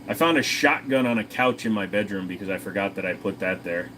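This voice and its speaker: A man's voice: lowish voice, expressive, a little fast, noisy background. A man in his forties with a Tennessee accent, hosting a casual livestream and chatting to viewers in a crude, profane, joking way. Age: 40s. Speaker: livestream host.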